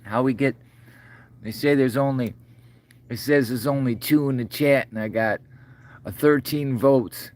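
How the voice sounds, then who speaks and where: A man's voice: mid-range voice, a little slow, long pauses, darkish tone, slight background noise. A middle-aged man hosting a casual livestream, rambling in a folksy way, choked up and calling viewers brother and sir. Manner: choked up, voice breaking. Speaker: livestream host.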